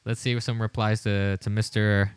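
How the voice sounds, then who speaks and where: A man's voice: on the low side, little pitch movement, normal speed, smooth, dry recording. A man hosting a casual livestream, reading replies aloud with frequent laughter, disbelief and stumbling restarts. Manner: laughing, incredulous, rambling with restarts. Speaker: livestream host.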